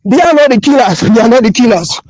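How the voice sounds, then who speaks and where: A man's voice: very high voice, expressive, quick pace, a little mellow, no echo, rough recording. A man with a Nigerian accent recording an impassioned voice note on his phone, pleading and repeating himself with emotion. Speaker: voice-note sender.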